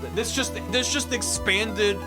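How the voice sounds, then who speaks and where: A man's voice: sits high, unhurried. A man streaming a video game, joking and swearing freely as he comments on it, over game music. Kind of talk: let's-play commentary.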